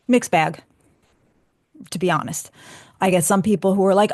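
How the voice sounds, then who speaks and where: A woman's voice: lowish voice, steady tone, fairly quick, pauses often, darkish tone, dry recording, clean studio sound. A woman hosting a radio show, chatting candidly and with feeling as she answers listener questions. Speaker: radio show host and author.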